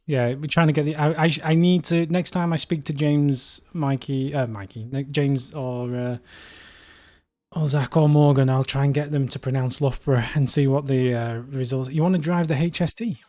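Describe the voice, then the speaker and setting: A man's voice: mid-range voice, fairly even intonation, moderate pace, darkish tone. A man from the UK hosting a casual livestream, chatting in a rambling way with frequent fillers. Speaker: livestream host.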